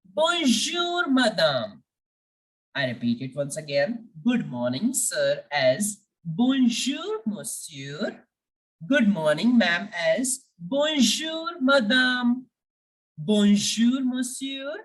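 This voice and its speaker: A woman's voice: medium pitch, very animated, slow. A woman teaching a beginner French lesson, patiently repeating each word for her learners. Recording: voice a bit distant from the mic.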